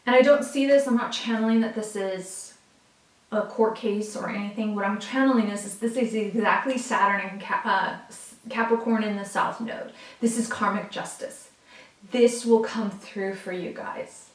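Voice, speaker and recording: A woman reads tarot in a casual, chatty way and talks straight to her viewers. She gets excited as she goes. Her voice sits back from the mic and the room sounds roomy. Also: mid-range voice, moderate pace. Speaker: tarot reader. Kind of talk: casual tarot reading to camera. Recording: roomy, from a distance.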